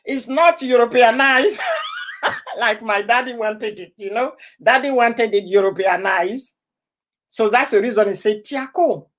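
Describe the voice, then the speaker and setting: A woman's voice: a little high, moderate pace. A woman from Ivory Coast hosting a casual live stream, often laughing and greeting viewers by name. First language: an Ivorian language.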